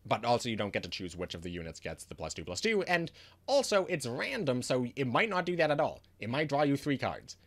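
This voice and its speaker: A man's voice: medium pitch, very animated, a little fast, a bit bright. A man giving a casual video review of a card game, ranting in frustration with lots of restarts and fillers.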